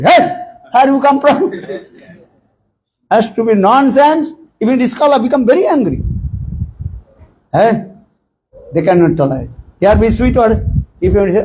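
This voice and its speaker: A man giving a slow, high-voiced sermon in broken English. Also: very animated, dark tone, a little hiss or hum, low-quality recording. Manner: broken English, frequent questioning "eh?" to listeners; acts out short quoted exchanges with raised voice. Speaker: spiritual teacher giving a discourse. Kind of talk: informal sermon with anecdotes.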